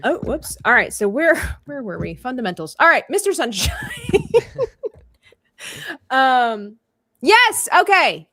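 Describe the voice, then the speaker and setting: A woman's voice: high voice, sing-song, a little slow, sharp tone, no echo, studio quality. A woman hosting a livestream coloring tutorial, a former art teacher who chats playfully and laughs often.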